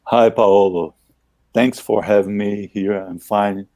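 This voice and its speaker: Deep, slow man. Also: fairly even intonation, warm tone. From Brazil. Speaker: guest speaker.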